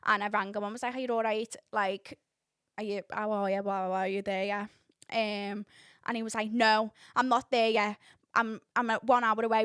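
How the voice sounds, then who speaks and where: A young woman, hosting a podcast and telling a story in casual chat, full of swearing and loud laughter. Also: fairly high pitch, no room sound, clean studio sound. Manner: chatty, swearing, laughs loudly at own story. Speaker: podcast host.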